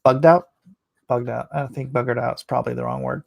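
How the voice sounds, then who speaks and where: A man hosting a casual late-night livestream, rambling and opinionated, his voice going hoarse. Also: mid-range voice, steady tone, brisk, no room sound. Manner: rambling, opinionated, restarts often. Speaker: livestream host reading chat.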